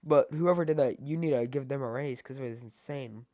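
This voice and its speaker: A man giving a casual spoken film review, halting and full of fillers and restarts. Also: mid-range voice, mellow, no room sound, studio quality. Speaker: movie reviewer.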